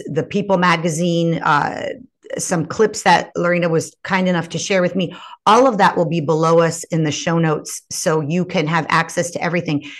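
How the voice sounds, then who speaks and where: Impassioned woman podcast host. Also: lowish voice. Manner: impassioned, repeats words when stirred. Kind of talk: interview podcast.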